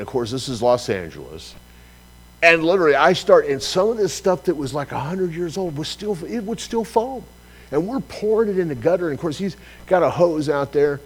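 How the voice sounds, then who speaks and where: A pastor with a slightly high voice preaches a sermon, telling a personal story with lively, acted-out dialogue. The audio quality is poor.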